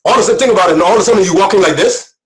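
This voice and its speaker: A guest speaker preaches a sermon in a high voice at a very fast clip, on a rough recording. He is impassioned and repetitive, rising to shouts and at times near tears.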